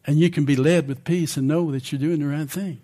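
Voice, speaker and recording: An older male preacher gives a conversational sermon, checking in with his congregation along the way. His voice sits a bit higher than most men's and has a dark tone, with fairly even intonation and a fairly quick pace.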